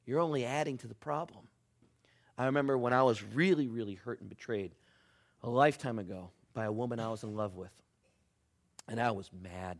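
A middle-aged man preaching a sermon as a pastor, swinging from loud emphatic lines to hushed, almost whispered ones. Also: medium pitch, moderate pace, long pauses.

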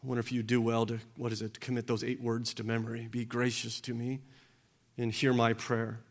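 Brisk and monotone at a medium pitch, a man preaches a conversational sermon. He puts questions to the congregation, acts out voices he quotes, and stumbles and repeats words, his pastor's voice carried by the long reverb of a large hall.

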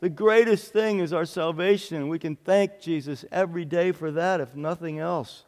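A man's voice: a little high, steady tone, normal speed, a little mellow. A male pastor giving an earnest sermon, often repeating phrases for emphasis. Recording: long hall reverb.

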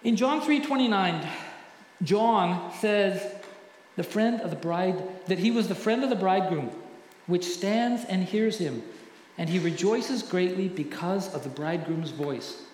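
A middle-aged male pastor preaching a sermon earnestly, often dropping to a hushed voice when telling stories. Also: high-pitched, lively intonation, a little slow, slight background noise. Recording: echoey hall with faint ambience.

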